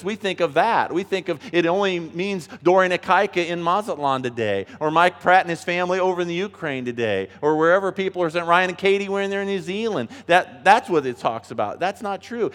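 Earnest male pastor preaching in a reverberant hall. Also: high voice. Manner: earnest, emphatic, swings between soft asides and loud stresses. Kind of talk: sermon.

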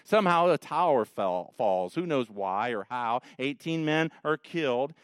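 A man preaching a sermon, emphatic, swinging between quiet, low passages and loud, rising ones. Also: lively intonation, measured pace, clean tone, dry recording. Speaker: pastor.

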